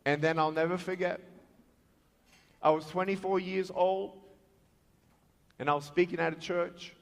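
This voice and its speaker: A man with an Australian accent giving a motivational speech, telling stories in an animated way with sound effects and acted-out dialogue, in a large hall. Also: high voice, unhurried, vocal fry. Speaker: motivational speaker. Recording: echoey hall reverb.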